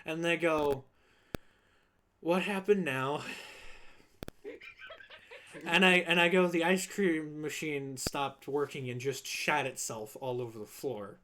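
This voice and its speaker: A man's voice: on the high side, normal speed, few pauses, slight background noise. A young man streaming, telling a long work story casually and acting out the people in it. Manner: animated, acts out quoted people in voices.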